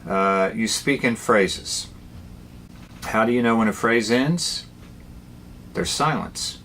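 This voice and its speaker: A man giving a guitar lesson, explaining ideas in a plain, unhurried way with fillers between phrases. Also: lowish voice, bright, forceful tone, a little hiss or hum. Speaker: guitar teacher. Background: guitar playing between phrases.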